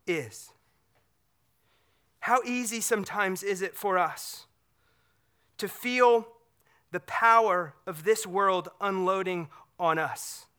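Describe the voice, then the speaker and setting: A pastor preaching a sermon, swinging between loud emphatic passages and hushed low ones, often repeating words as phrases restart. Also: smooth.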